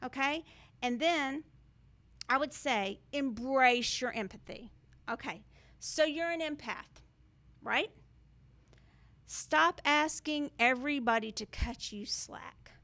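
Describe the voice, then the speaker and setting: A woman's voice: high-pitched, slow, pauses often, sharp tone. A woman hosting a spiritual talk to camera, emphatic and sarcastic, slipping into mocking quotes. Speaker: spiritual video host.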